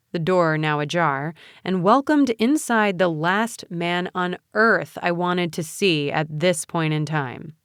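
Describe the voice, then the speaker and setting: A woman narrating a first-person audiobook story with a wry, expressive delivery. Her voice is fairly low. The recording is dry and close-miked. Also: smooth, dry recording.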